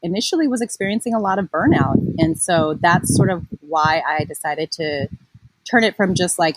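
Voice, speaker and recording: A woman's voice: lowish voice, moderate pace, breathy edge, no room sound, low-quality recording. A woman in her forties, a mom blogger, chatting casually as an interview guest with lots of fillers and easy laughter. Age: 40s.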